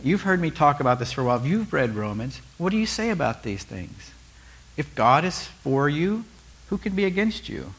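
Slightly high and breathy-edged, this man's voice moves at normal speed as he gives a sermon. The pastor keeps it conversational and lively, questioning the congregation rhetorically and varying his tone frequently.

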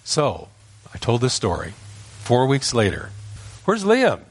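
An older man, a grandfather, telling a family story from his childhood in a folksy, unhurried way. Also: mid-range voice, animated, husky. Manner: folksy, unhurried, with small restarts. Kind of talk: personal storytelling.

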